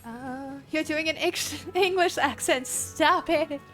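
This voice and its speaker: A young woman with an Australian accent talks through her game in a loose, chatty live-stream ramble. She swears easily, laughs often, and shouts at the enemies on screen. Her voice sits high, with soft game music playing underneath. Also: takes it slowly. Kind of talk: casual live-stream chat while gaming.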